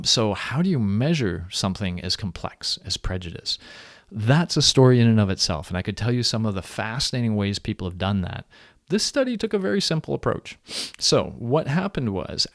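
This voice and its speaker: A man lecturing in a relaxed, conversational way, his voice sitting on the low side. The sound is close and dry, with no room around it. He stumbles and restarts as he explains. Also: normal speed, no room sound. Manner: conversational, acts out quoted people animatedly. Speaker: university lecturer. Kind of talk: recorded lecture.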